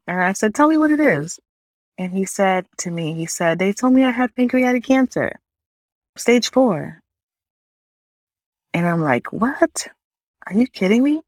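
A woman's voice: sits low, dry recording. A young woman hosting a podcast, telling a personal faith testimony in an earnest, emotional, conversational way. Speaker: podcast host. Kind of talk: personal testimony, casual storytelling.

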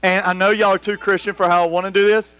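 A man preaching a sermon to a congregation in a church hall, animated and rambling, acting out scenes as he goes. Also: high-pitched, fast, clean tone. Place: church hall with about a hundred people. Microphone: microphone.

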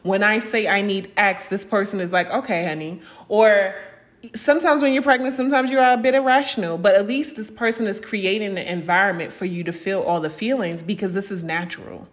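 Brisk and mid-range, this young woman's voice carries her podcast monologue on spiritual matters. She opens up candidly and with feeling about her life, cursing openly and performing other people's words to her.

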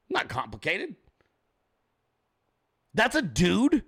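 A man's voice: high voice, big pitch swings, fast talker, long pauses, a bit bright. A man hosting a livestream, ranting profanely and combatively at commenters in his chat. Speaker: show host.

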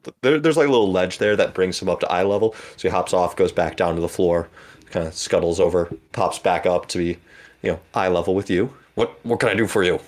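A man's voice: low-pitched, a little fast, a little mellow. A man narrating as game master in a tabletop role-play, casual and a bit hesitant.

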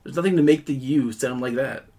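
A man's voice: medium pitch, a little fast, mellow. Blunt, correcting podcast co-host man. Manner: blunt and insistent, correcting others. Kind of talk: casual chat.

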